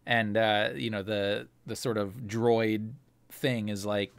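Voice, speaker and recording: A man's voice: lowish voice, little pitch movement, slow, clean tone, no room sound. A man narrating a tabletop game as game master, casual with filler words.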